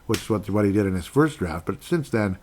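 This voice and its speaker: A man's voice: lowish voice, lively intonation, brisk, darkish tone, a little hiss or hum. A man hosting a casual solo sports podcast, rambling with frequent laughs and bursts of mock outrage. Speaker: podcast host.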